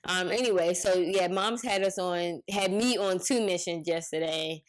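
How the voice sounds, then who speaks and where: Young woman podcast co-host, casual slangy storyteller, lively quoting. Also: fairly low pitch, normal speed. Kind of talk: casual chat.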